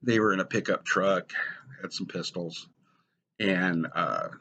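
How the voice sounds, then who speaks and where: Deep, husky man telling dry stories. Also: unhurried. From United States. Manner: dry, wry deadpan humor. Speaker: storyteller. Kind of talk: stand-up style personal storytelling.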